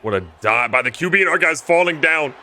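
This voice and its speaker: Male gaming creator, lively play-by-play with sudden loud outbursts, bright tone, faint noise. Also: fairly quick. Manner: animated, jokey, swings between loud outbursts and low mutters. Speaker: gaming YouTuber. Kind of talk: excitable video game commentary.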